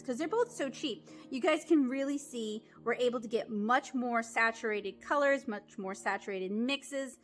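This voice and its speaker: A woman giving a casual, chatty art supply review, frank with her opinions and quick to laugh a little. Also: on the high side, faint music behind.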